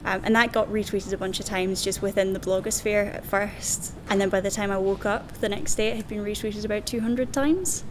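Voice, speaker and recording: Young Scottish woman, rumbling background. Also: steady tone, a little fast, hardly any pauses, noisy background. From Scotland. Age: 20s. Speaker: interview guest. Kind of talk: interview answers.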